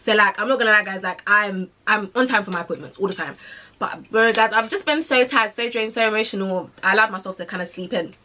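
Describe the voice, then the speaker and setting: A woman's voice: medium pitch, quick pace, sharp tone. A young woman in her twenties with a British accent and London slang, hosting a podcast and telling a story in casual, chatty talk to her listeners. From United Kingdom. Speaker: podcast host.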